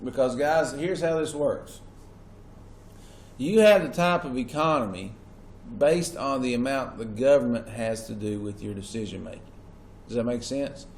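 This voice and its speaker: A man's voice: mid-range voice, moderate pace. A man lecturing a class as their teacher, asking questions and stressing key words. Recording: echoey classroom with faint noise.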